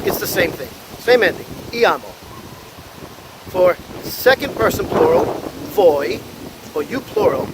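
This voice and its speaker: An American man teaching an Italian lesson, slowly and carefully sounding out each verb form for learners. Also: sits high, lively intonation, noisy background. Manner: slow, careful modeling of Italian words. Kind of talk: language lesson.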